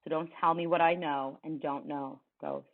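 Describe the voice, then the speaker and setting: A woman's voice: sits low, fairly even intonation, normal speed, gravelly. A woman reading aloud as a firm middle-aged male coach, blunt and somber. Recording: tinny phone-like sound.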